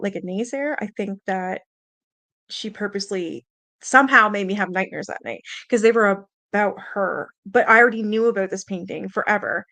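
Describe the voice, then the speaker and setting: This young woman hosting a stream has a slightly bright, mid-range voice, with no room sound. She tells her own ghost story casually and meanderingly, leaning on fillers and mild profanity, and comes across as earnestly frightened.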